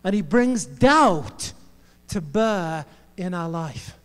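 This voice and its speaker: A man's voice: high voice, expressive, slow pace, smooth. A male preacher giving a sermon in a playful, jokey storytelling manner. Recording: long hall reverb.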